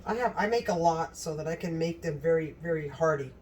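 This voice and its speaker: A woman's voice: deep voice, a little fast, darkish tone, a little hiss or hum. Gushing woman cooking, mic at a distance. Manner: gushing and exclamatory, talks straight to viewers. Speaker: cooking channel host. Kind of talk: casual cooking demonstration. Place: home kitchen.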